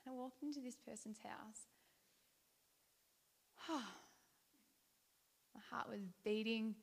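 A woman with a voice a little above the usual in pitch, giving a devotional talk as a personal testimony. She tells it conversationally, with fillers and false starts, and keeps it earnest and heartfelt throughout. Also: steady tone, slow pace, gravelly, slightly rough. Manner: conversational, storytelling with fillers and restarts. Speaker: Christian speaker.

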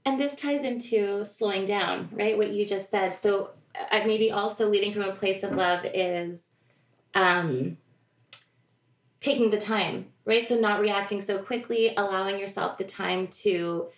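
Casting: a woman with a gravelly edge, reflective, recorded in a roomy room. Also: mid-range voice, a little slow. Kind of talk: casual chat. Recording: roomy echo.

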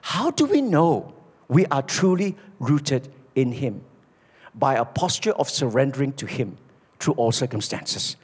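Husky-voiced man preaching a sermon. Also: sing-song, a little slow. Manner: storytelling, emphatic, drops low for key points. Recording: echoey hall.

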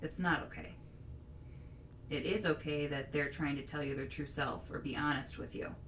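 A woman's voice: sits low, fairly even intonation, moderate pace, fairly bright tone. A woman hosting a casual chat, giving her opinions and thinking aloud, padding her points with lots of "you know"s. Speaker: podcast host. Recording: echoey room, distant mic, faint hiss.

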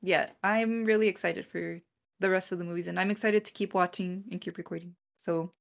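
A woman's voice: on the low side, steady tone, brisk, gravelly. A woman co-hosting a casual podcast chat, chatty and giggly, sometimes losing her words. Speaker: podcast co-host.

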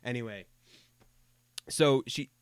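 A man's voice: mid-range voice, slow pace, clear, resonant tone, no room sound. Young male co-host, chatty storyteller, dry close mic. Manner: rambling, self-interrupting, frequent repeated words. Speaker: podcast co-host. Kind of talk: casual anecdote storytelling.

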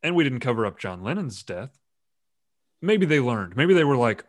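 A man's voice: mid-range voice, very animated, normal speed. A man hosting a casual podcast chat, rambling and joking, often laughing mid-sentence. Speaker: podcast host.

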